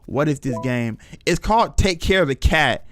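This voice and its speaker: A man's voice: on the high side, lively intonation, normal speed, a little hiss or hum. Young man slangy horror game streamer. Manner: casual slangy, talks to chat, reacts with gasps. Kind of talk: live gameplay commentary.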